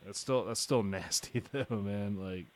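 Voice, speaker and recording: A man's voice: on the low side, a little slow. A man hosting a podcast in casual chat, talking loosely and easily. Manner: laid-back, loose, lots of fillers. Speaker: podcast host.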